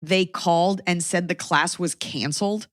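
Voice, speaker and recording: A woman's voice: lowish voice, moderate pace, no room sound, studio quality. A woman in her thirties hosting a podcast, telling a comic story in a sarcastic, exasperated way. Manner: sarcastic, exasperated anecdotes with quoted asides. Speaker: podcast host. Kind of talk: comedic storytelling chat.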